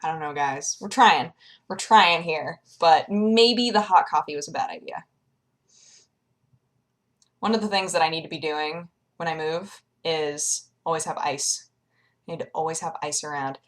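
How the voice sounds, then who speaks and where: A young woman chatting casually in a vlog, lively and animated, acting out the people she quotes in a higher voice. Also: unhurried. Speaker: vlogger.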